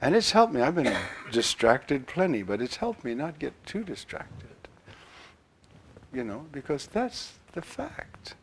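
An older man giving a sermon as a priest, in an animated, conversational way with frequent restarts and a gravelly, husky voice. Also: fairly high pitch, a little slow.

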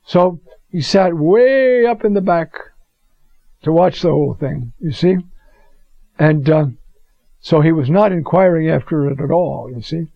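A man's voice: on the high side, animated, measured pace, gravelly, pauses often, no room sound. An older man giving a conversational Bible teaching, telling stories and often asking his listeners "you see?". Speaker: preacher. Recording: dull lo-fi recording.

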